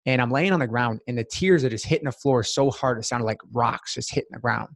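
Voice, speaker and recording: A man's voice: medium pitch, fairly quick, creaky. Earnest man telling his story. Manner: earnest, heartfelt storytelling with many "like" fillers. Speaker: podcast guest. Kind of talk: personal life story in a casual interview.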